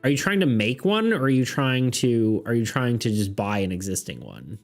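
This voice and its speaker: A man narrating as game master for a streamed tabletop game, his pitch sitting in a middle range. He rambles and hesitates, filling gaps with ums and self-deprecating asides. Faint music plays behind him. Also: sing-song, normal speed, vocal fry. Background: faint background music.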